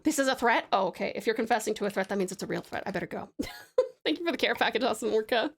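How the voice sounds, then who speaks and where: A woman's voice: fairly high pitch, very animated, quick pace, vocal fry, fairly bright tone. An Australian woman chatting casually with her live-stream chat, rambling and laughing often. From Tasmania, Australia. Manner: giggly, rambling, reacts to chat.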